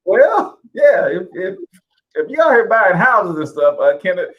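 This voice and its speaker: A man's voice: sits high, lively intonation, moderate pace, lo-fi sound. A man with a St. Louis accent hosting a casual chat, teasing and joking with lots of fillers. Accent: St. Louis, Midwestern US. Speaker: host.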